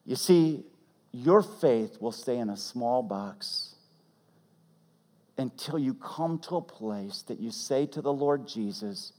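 A man preaching a sermon as pastor, swinging from loud emphatic peaks to hushed, almost whispered lines. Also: medium pitch, lively intonation, slow. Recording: long reverb of a large hall.

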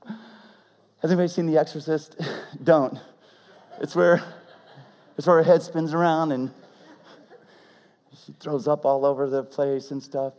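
A male pastor preaching a sermon in a casual, animated way, acting out quotes as he goes. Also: a little high. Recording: long hall reverb.

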